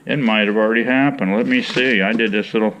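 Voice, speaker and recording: A man's voice: on the low side, fast talker, fairly bright tone, slight background noise. A man from Michigan chatting casually to viewers in a folksy, rambling way as he mixes tea outdoors before working his bees. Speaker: beekeeper vlogger. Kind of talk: casual vlog chat. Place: outdoors in hot sun.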